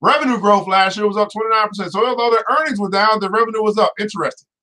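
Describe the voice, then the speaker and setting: A man hosting a finance show in an energetic, preachy way, full of exclamatory asides. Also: sits high, very fast, a little hiss or hum. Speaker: host. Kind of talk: casual finance show talk.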